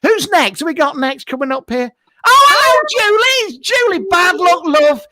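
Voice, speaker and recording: In this comic improvised live stream, a man takes on the role of a camp, brash TV psychic in middle age, broadcasting from a home garage. His voice is extremely high-pitched and animated, a little fast, with no room sound. He is rude and blunt, hollers greetings, and puts on a mock-mystical air.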